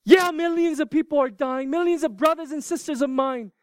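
A man's voice: extremely high pitch, brisk, no echo, studio quality, pitched above the performer's own voice. A man voicing a reluctant, frightened shepherd who whines and pleads to be let off. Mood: pleading. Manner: whiny, pleading, protesting.

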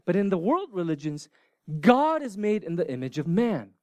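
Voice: medium pitch, big pitch swings, moderate pace, darkish tone, dry recording. A pastor preaching a conversational sermon who keeps putting rhetorical questions to the congregation. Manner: conversational preaching with pop-culture asides.

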